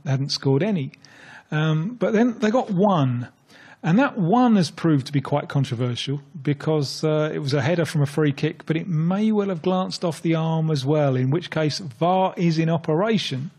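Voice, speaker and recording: A man's voice: on the high side, darkish tone. A man talking football as a pundit on a radio phone-in, chatty and laughing as he explains.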